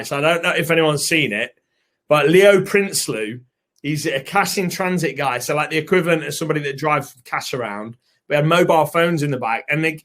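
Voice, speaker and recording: A man's voice: a little high, a bit bright. A British man with a somewhat raised voice hosts a live webinar. He talks in a chatty, rambling way and greets viewers one by one. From United Kingdom. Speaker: co-host and co-founder.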